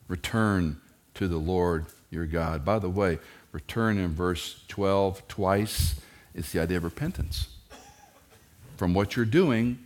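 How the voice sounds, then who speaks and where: A middle-aged man preaching a sermon, animated and joking, who jumps into high mock voices when quoting kids and parents. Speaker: pastor.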